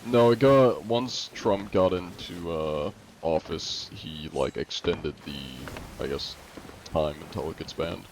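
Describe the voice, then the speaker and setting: A man's voice: extremely low pitch, slow pace, noisy background. A young man streaming a game, chatting casually and rambling with lots of fillers. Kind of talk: casual gaming chat.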